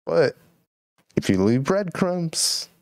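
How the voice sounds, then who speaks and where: A man's voice: fairly high pitch, big pitch swings, takes it slowly, creaky, no echo, studio quality. A man hosting a solo podcast, musing and rambling casually about current events. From Texas. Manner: rambling, musing, laid-back. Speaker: podcast host.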